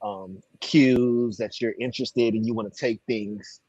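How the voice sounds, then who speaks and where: A man's voice: fairly low pitch, fairly even intonation, a little slow, warm tone, breathy edge, no room sound, lo-fi sound. A man speaking as a guest on a panel show, easygoing and thoughtful. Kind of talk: casual panel chat.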